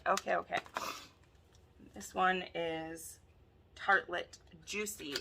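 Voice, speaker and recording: A woman chatting through an unboxing, gushing and excitable with frequent gasps. Her voice is bright and sits a little low, and she talks at an unhurried pace. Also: gravelly. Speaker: book video host. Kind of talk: casual unboxing chat.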